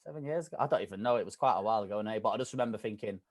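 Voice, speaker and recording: A man's voice: on the low side, very fast. A man with a Mancunian accent tinged with Scouse and London, a radio DJ telling stories in casual podcast chat. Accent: Mancunian mixed with Scouse and London. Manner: animated, chatty storyteller. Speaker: radio DJ guest.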